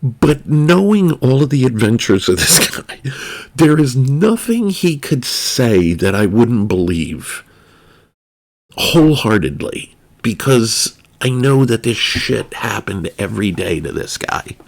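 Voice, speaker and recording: A man's voice: medium pitch, very animated, takes it slowly, gravelly. A man telling a long personal story in a wry, rambling way, full of asides. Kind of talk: casual storytelling.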